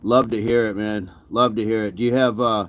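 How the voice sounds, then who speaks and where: A man's voice: lowish voice, fairly even intonation, fairly quick, a bit bright. A man hosting a fitness livestream, upbeat and chatty, reading viewer comments, greeting people by name and laughing often.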